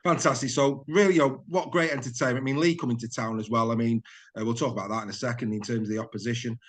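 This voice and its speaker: A man's voice: medium pitch, steady tone, quick pace, a bit bright. Upbeat man hosting an interview. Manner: upbeat, leading questions with tag questions. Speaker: podcast host. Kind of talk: casual interview.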